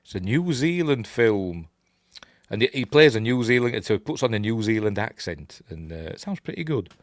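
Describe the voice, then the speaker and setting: A man's voice: fairly low pitch, big pitch swings, normal speed, no echo, studio quality. A man with a Yorkshire accent giving a casual, rambling film commentary, chatty and self-deprecating, muttering asides to himself. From Yorkshire, England. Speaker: film reviewer.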